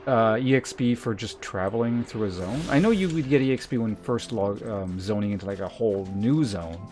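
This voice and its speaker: A young man streaming a game, musing in casual, relaxed commentary. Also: lowish voice, a little fast. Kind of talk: casual let's-play commentary. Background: faint game music.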